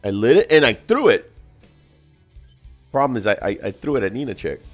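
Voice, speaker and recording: A man's voice: mid-range voice, fairly quick, faint music behind. A man co-hosting a casual live chat while painting miniatures, telling stories with lots of laughter. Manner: animated storyteller, laughs often, voices others loudly. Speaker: co-host.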